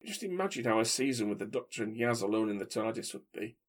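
A man co-hosting a casual chat podcast, wry and opinionated, thinking aloud with pauses. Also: mid-range voice, very animated. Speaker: podcast co-host.

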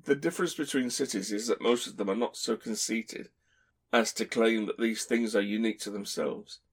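A man's voice: on the low side, moderate pace. A man co-hosting a podcast, talking in a dry, wry, opinionated way. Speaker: podcast co-host. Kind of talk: casual podcast discussion.

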